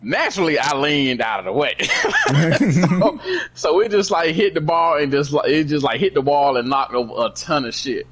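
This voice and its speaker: A man co-hosting a podcast, telling a story in a casual, swearing, animated way. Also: a little high, normal speed, breathy edge. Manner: animated, swears freely, acts out quoted dialogue. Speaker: podcast co-host.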